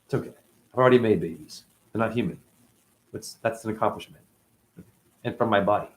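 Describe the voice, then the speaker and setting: A man in his forties hosting a rambling, profane livestream talk. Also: fairly quick. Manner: profane, rambling, jumpy pitch swings. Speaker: host.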